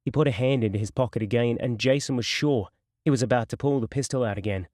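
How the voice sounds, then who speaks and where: A man narrating a crime novel audiobook in a steady, measured storytelling voice. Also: medium pitch, no echo, clean studio sound.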